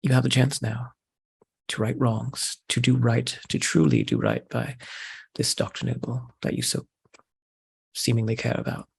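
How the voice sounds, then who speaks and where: Man voicing Mildred, a gravelly earnest hunter. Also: medium pitch, level tone, unhurried, full character voice. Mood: pleading. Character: earnest woman hunter pleading with a doctor.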